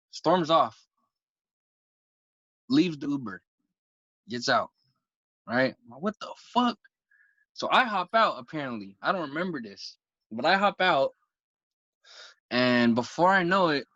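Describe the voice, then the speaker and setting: A man from San Francisco tells a story on a podcast, acting out his own lines with plenty of swearing. His voice is bright and sits a little high. The recording is dry but dull and lo-fi. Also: no echo. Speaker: podcast guest. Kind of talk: casual storytelling.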